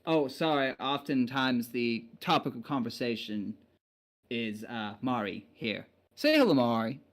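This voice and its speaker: A man's voice: mid-range voice, expressive, a little slow, pitched below the performer's own voice, close to an everyday voice. A man voicing a polite, slightly flustered male knight who keeps a pet owl.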